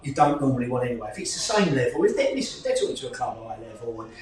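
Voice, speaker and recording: A man, a football club manager talking plainly and at length, his pitch jumping as he makes his points. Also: racing. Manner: plain-spoken, rambling, lively pitch swings. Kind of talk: casual discussion. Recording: echoey room from far off.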